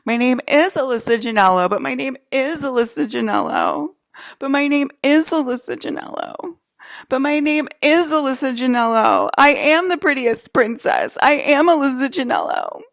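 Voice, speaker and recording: Have her go up high and whiny, insistent and self-important, as a woman mocking a clone who keeps repeating herself. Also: sing-song, normal speed, vocal fry, dry recording, clean studio sound, full character voice. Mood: insistent singsong.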